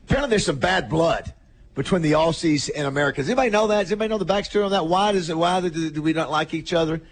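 A man's voice: fairly high pitch, rapid-fire. A man hosting a casual radio chat, steering talk with lots of questions. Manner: chatty, asks lots of questions. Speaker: radio show host.

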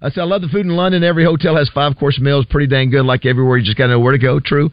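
A man's voice: medium pitch, fairly even intonation, very fast, no echo, lo-fi sound. A man hosting a casual radio show, chatting and reading listener messages in a rambling way. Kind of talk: casual morning radio banter.

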